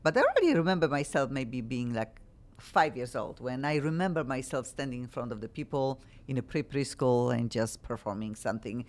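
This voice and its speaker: Polish accent lady radio host, deep-ish voice, gushes at guests. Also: lively intonation, brisk. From Poland. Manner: effusive, warm welcomes to guests. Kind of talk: talk radio interview. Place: radio studio.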